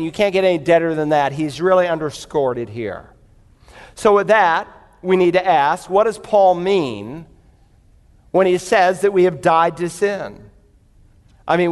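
A man's voice: high-pitched, clear, resonant tone, long reverb tail. A man preaching a sermon, telling a story and then working through verses in an emphatic, conversational way. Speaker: pastor.

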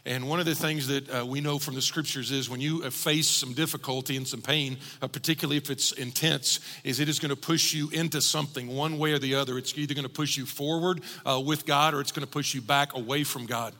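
Gravelly-voiced preacher in a reverberant hall. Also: male voice, medium pitch, fairly even intonation, brisk, hardly any pauses, bright, forceful tone. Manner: earnest, building to emphatic preaching. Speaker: pastor. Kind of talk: sermon.

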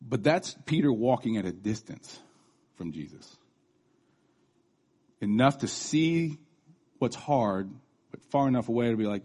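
A man's voice: mid-range voice, expressive, a little slow, pauses often, a little mellow. A man in his thirties giving a casual, conversational sermon, chatty, with restarts and asides. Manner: acts out quoted voices. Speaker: preacher.

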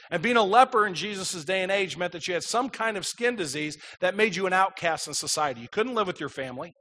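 A man's voice: high voice, lively intonation, quick pace, few pauses, pushed and bright. A man preaching a sermon, reading scripture aloud and explaining it, his voice rising with emphasis.

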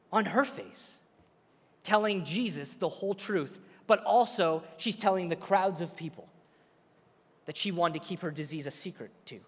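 A man preaching a sermon, retelling a story with lively, acted-out quotes. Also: high voice, big-room sound.

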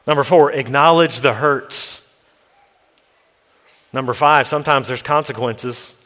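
Male pastor, mid-pitched, emphatic sermon delivery, long hall reverb. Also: a little slow. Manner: emphatic, rising to forceful exhortation and dropping low to read scripture.

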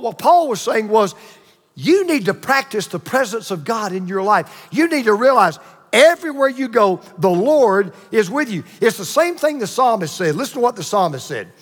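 Emphatic high-voiced male preacher, echoing hall. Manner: emphatic preaching with repetition and dramatic pauses. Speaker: pastor. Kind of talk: sermon.

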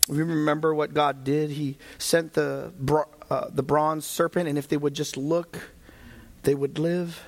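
A man preaching a sermon who addresses the congregation directly and moves between calm Bible teaching and fervent, shouted exhortation. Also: fairly high pitch, unhurried, gravelly, a little hiss or hum. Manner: addresses listeners directly as brothers and sisters.

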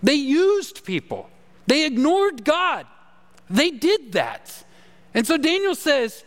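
High-voiced preacher in a reverberant hall. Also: male voice, big pitch swings, takes it slowly, a bit bright. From Texas. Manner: emphatic preaching with rhetorical questions to the congregation. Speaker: pastor. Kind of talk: sermon.

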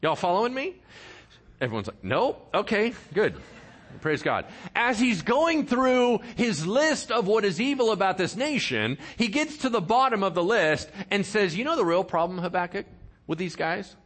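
A pastor delivers a sermon in a fairly high, lively voice that swings widely in pitch. He jokes with the congregation between passages. He reads scripture with dramatic emphasis. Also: normal speed. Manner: animated, playful asides to the congregation.

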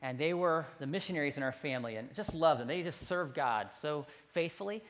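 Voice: medium pitch, expressive, fairly quick, big-room sound, slight background noise. A pastor preaching a sermon in a conversational, self-deprecating storytelling manner.

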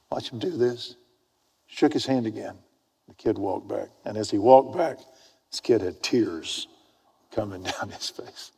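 Husky male preacher in reverberant hall. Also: fairly low pitch. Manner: storytelling, swings from loud emphasis to hushed whispers. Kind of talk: sermon with personal anecdote. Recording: long reverb of a large hall.

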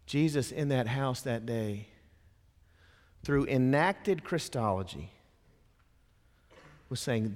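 Slow, dramatic preacher in a reverberant hall. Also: male voice, medium pitch. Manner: dramatic storytelling, swings from hushed to impassioned. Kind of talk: sermon.

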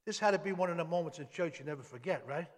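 A man delivers a sermon from the pulpit, his voice sitting a little high. He speaks conversationally, then leans hard on key words. The church hall carries a long reverb behind him. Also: very fast. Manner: conversational preaching with emphatic rises. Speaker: pastor.

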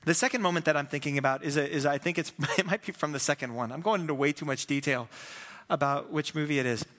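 A man preaching to his congregation with a high, bright voice that carries through a large, echoing sanctuary. He tells stories in an animated way, acting out what people say, and laces the sermon with self-deprecating humor. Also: quick pace. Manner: animated storytelling with acted-out quotes. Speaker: pastor.

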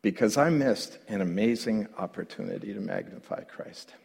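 Animated male pastor in a reverberant hall. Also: normal speed, creaky, breathy edge. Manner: animated storyteller who grows loud and high when reliving his own panic. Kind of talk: storytelling sermon.

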